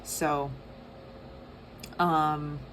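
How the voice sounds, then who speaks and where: A young woman giving a casual tarot reading, soft and rambling with many fillers. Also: sits low, flat delivery, drawn-out words, slight background noise. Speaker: tarot reader.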